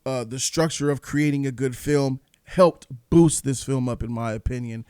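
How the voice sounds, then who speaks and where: A man with a high-pitched voice hosts a casual movie review, ranting and retelling scenes in animated bursts. The sound is dry and close, with no room echo. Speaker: movie review channel host.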